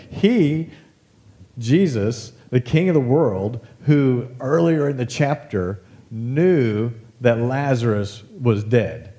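A man's voice: mid-range voice, mellow. A man preaching a sermon in a casual, conversational way, full of asides, fillers and folksy remarks. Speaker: pastor.

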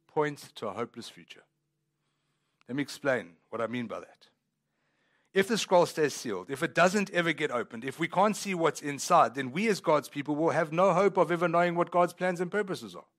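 A man's voice: a little high, animated, normal speed. A man pastor preaching a sermon in a church, talking conversationally and rising into emphatic swells.

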